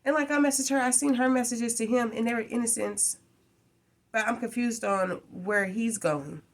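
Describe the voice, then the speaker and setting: A woman's voice: a little high, moderate pace. A woman vents to the camera in a casual vlog. She rambles, sounds exasperated and keeps firing off rhetorical questions. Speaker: vlogger.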